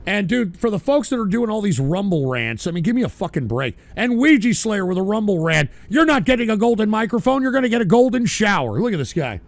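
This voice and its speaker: Gravelly guy with a high voice ranting on his stream, swears nonstop, says "all right?" all the time. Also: big pitch swings, a little fast, hardly any pauses, dry recording. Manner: shouts angrily at trolls, swears constantly; keeps tacking on "all right?". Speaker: livestream show host. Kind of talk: profane livestream rant.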